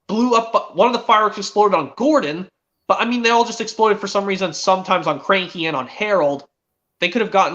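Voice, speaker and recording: A man's voice: high voice, a bit bright, dull audio. A teenage boy streaming, chatting eagerly in a rambling way with many restarts. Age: teens. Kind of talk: casual chat.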